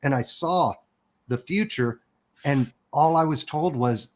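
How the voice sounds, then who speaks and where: A man's voice: on the high side, slow pace. A man in his forties, a podcast guest telling a personal story in a candid, emotional way and swearing casually. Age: 40s.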